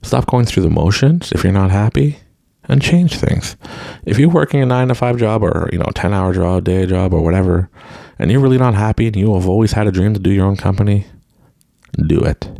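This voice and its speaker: A man's voice: lowish voice, brisk, creaky, mellow, no echo, studio quality. A man hosting his own podcast, giving an unscripted motivational talk and laughing often. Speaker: podcast host. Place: room at home with a mic.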